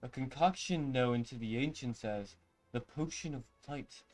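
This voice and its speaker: A slow, reassuring old village healer from a fantasy game, put on by a male streamer. The voice is measured and grave, unhurried as it explains cures, at a middle pitch. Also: darkish tone, soft background music, close to an everyday voice. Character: old village healer trying to sound elderly.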